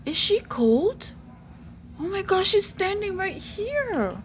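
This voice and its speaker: A woman vlogging in excited casual chat, cooing sweetly and calling out pleadingly. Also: takes it slowly, a little hiss or hum. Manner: coos sweetly at a bird in a high voice; calls out pleadingly for her dad.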